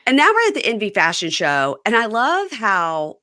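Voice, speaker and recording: Bright-voiced chatty woman podcast host. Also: mid-range voice, wildly swooping pitch, no room sound, clean studio sound. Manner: chatty, quick shifts into playful quoted voices. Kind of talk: casual chat and read ad.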